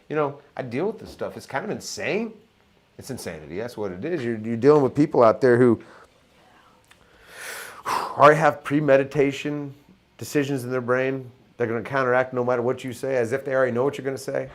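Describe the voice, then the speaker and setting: A middle-aged musician in casual conversation, talking reflectively and telling animated stories. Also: male voice, mid-range voice, a little fast. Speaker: musician guest.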